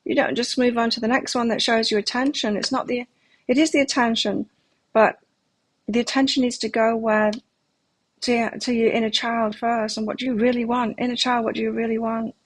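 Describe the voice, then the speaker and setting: A woman's voice: a little high, level tone, normal speed, dry recording. A middle-aged woman giving a live tarot reading, talking candidly and reflectively and sharing personal stories. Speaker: tarot reader.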